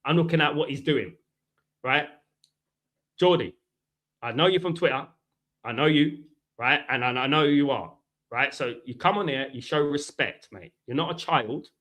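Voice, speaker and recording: A middle-aged man from England hosts a football live stream and fires back at viewers in the chat. His voice is bright and forward at an ordinary pitch. He talks combatively and keeps throwing in 'mate' and 'right'. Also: normal speed, pauses often. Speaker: football channel host.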